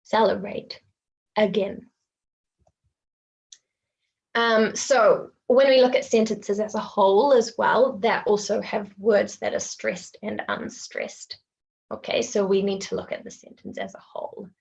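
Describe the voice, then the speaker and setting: A woman's voice: mid-range voice, measured pace, gravelly, muffled recording. A woman with a New Zealand accent teaching English pronunciation in an online webinar, patiently repeating words so learners can copy them.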